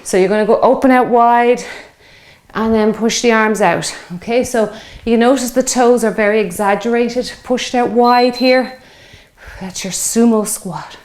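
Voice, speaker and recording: Woman fitness instructor, fifties, slightly high voice, out of breath, chatty, counting reps. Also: a little slow, a little mellow. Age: 50s. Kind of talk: guided workout instruction.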